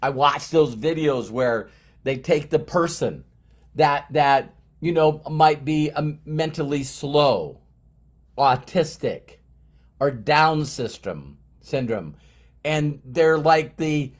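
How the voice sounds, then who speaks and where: Slow, emphatic motivational speaker, male. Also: fairly high pitch, expressive. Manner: emphatic, repeats phrases for effect. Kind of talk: motivational talk.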